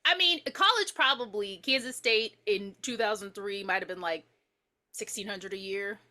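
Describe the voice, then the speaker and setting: A woman co-hosting a podcast, animated and excitable, often cutting in during casual movie-review chat. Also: medium pitch, moderate pace. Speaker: podcast co-host. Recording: audio podcast.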